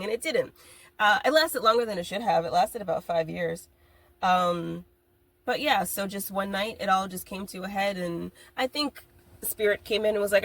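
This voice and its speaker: A woman's voice: medium pitch, moderate pace, no room sound. Candid, laughing woman podcast host. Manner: candid, animated storytelling with frequent laughs and swearing. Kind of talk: casual podcast monologue.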